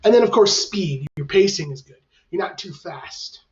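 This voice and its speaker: A man's voice: high-pitched, animated, normal speed. A male teacher giving instructions to his class on camera in a reassuring, conversational way. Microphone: camera facing the speaker. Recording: dull, lo-fi, mic at a distance.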